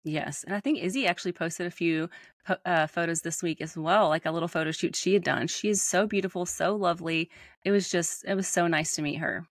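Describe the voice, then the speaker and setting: A woman's voice: lowish voice, steady tone, fairly quick, dry recording, studio quality. Gushing Southern American woman. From United States. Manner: gushing, laughs often. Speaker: podcast co-host. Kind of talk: casual chat.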